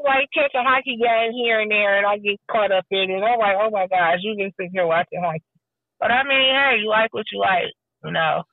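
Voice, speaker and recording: A woman chatting casually and telling animated stories, acting out the people she quotes and swearing freely. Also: on the high side, a little fast, dry recording. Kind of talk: casual chat. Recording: tinny phone-like sound, dry.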